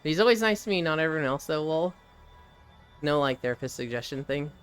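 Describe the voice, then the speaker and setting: A live streamer chatting casually while walking on a treadmill, reading chat aloud and telling stories with lively animation. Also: mid-range voice, brisk, clear, resonant tone, faint music behind. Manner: reads chat aloud and riffs, animated storytelling.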